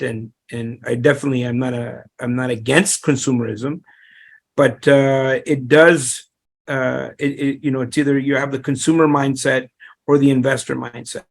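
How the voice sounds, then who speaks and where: Gravelly man telling his story. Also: mid-range voice. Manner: rambling with many restarts and fillers. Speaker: real estate investor guest. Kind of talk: conversational interview storytelling.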